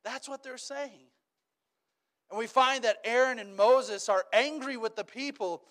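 A man preaching a sermon as pastor, animated, dropping to a hush and then rising loud. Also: extremely high pitch. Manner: swings between hushed and loud, animated.

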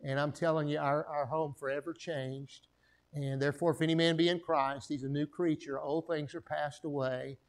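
A man's voice: on the high side, level tone, moderate pace. Folksy Texan preacher man. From Texas. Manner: folksy, calls for amens from the congregation. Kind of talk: sermon with personal testimony.

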